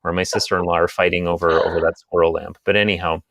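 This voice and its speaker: A man with a rural Canadian accent and a slightly low voice, joking in a wry, self-mocking way. He co-hosts a comedy show, moving between scripted bits and loose, chatty banter. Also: level tone, fast, creaky, a bit bright, no room sound. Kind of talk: comic stand-up and live banter.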